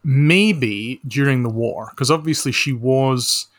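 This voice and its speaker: A man joins the podcast over a remote call as a guest, and his voice sits at an average pitch for a man. He delivers his jokes deadpan and mock-serious, and his delivery stays dry throughout. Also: slow pace. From Scotland. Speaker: podcast guest, author and social researcher. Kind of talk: casual comedic chat.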